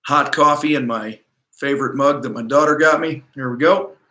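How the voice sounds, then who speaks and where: Blunt, profane host in an echoey room. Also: male voice, medium pitch, moderate pace, bright, forceful tone. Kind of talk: livestream coaching talk. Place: home office.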